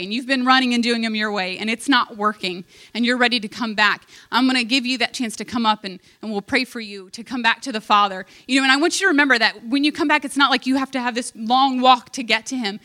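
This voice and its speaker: Earnest woman preacher, bright voice. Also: on the high side, fast talker, few pauses. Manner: heartfelt storytelling, earnest, emotional. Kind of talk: sermon.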